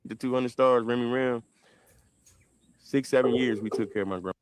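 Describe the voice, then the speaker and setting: A man with a Southern American accent telling a heated family story on a livestream, rambling and swinging between loud and quiet. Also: medium pitch, fairly even intonation, normal speed, background noise. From southern United States. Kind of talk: animated livestream monologue.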